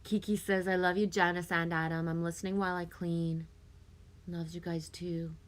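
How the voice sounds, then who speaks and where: A woman's voice: fairly low pitch, level tone, normal speed. A woman hosting a casual live stream, chatting with viewers, reading their comments aloud and laughing often.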